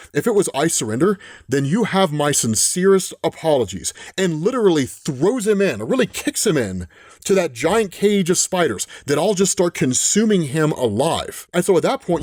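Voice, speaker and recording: A man's voice: on the high side, a little mellow, no echo, clean studio sound. A man retelling a comic book plot in a casual, chatty way, often tossing in "right?" and "literally". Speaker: comic book recap host. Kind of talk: casual storytelling recap.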